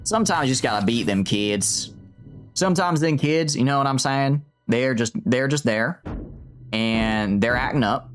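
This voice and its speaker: A man's voice: medium pitch, normal speed, faint music behind, natural voice. A man voicing a stern, folksy southern man in a mock Southern drawl. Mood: gruff. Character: male gruff southern man, harsh and stern.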